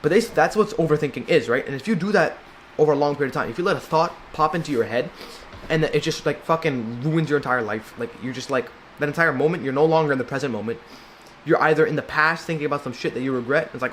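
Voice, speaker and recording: A young man talks straight to camera in a loose, profane ramble, packed with filler and slang. His voice sits a bit high for a man. Faint ambient noise hums behind him. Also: quick pace, fairly bright tone. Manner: mocks others in high squeaky put-on voices. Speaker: self-help video maker. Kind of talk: casual talking-head advice vlog.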